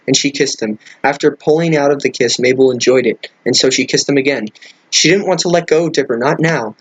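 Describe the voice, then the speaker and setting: Husky-voiced man reading aloud, exasperated. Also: medium pitch. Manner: stumbles over words and breaks in with incredulous, profane remarks. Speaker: comedic reader. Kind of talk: reading a fan fiction aloud with commentary.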